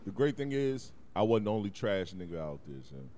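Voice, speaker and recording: A man's voice: fairly low pitch, brisk, a crowd in the background. A man co-hosting a podcast, telling stories in casual slang with lots of laughing and profanity. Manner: animated storytelling, profane slang, frequent laughs. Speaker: podcast co-host. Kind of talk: casual chat.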